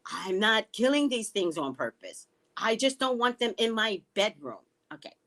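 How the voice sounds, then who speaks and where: Medium-pitched and moderately paced, this woman hosts a casual live stream from her home. She tells animated, sarcastic stories, swears a lot, and reads viewer comments out loud.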